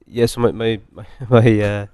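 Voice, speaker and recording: A man's voice: fairly low pitch, little pitch movement, unhurried, mellow, clear, resonant tone, no room sound. A man in his forties with a light Scottish accent, a master distiller chatting in a podcast interview, rambling with many fillers and restarts. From Scotland.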